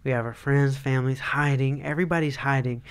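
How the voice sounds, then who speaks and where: Gravelly-voiced man in his thirties. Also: medium pitch, fairly quick. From Atlanta, Georgia. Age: 30s. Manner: animated and excitable, lots of "like". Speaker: guest, motivational speaker. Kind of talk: casual storytelling in conversation.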